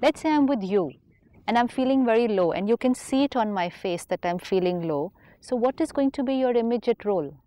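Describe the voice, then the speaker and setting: Mellow-voiced woman teaching calmly. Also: a little high, a little fast, no echo. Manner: patient, gently persuasive, acts out inner thoughts. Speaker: spiritual teacher. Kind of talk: calm explanatory dialogue.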